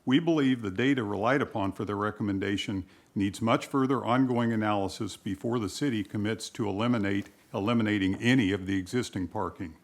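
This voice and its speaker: A man reading a formal, measured prepared statement as a public commenter at a city council meeting. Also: on the low side.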